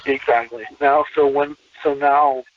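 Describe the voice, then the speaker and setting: A man, a podcast guest, talking in an animated casual way with many restarts and repeated words. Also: mid-range voice, measured pace, far from the mic, a crowd in the background. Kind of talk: casual conversation. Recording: tinny phone-line call.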